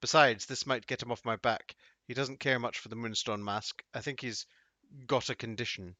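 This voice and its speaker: A man voicing a scheming middle-aged brothel madam who bargains smoothly and sounds pleased with herself. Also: mid-range voice, steady tone, moderate pace, sharp tone, dry recording, close to an everyday voice. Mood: smug. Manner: smooth, self-satisfied bargaining. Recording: dull dry audio.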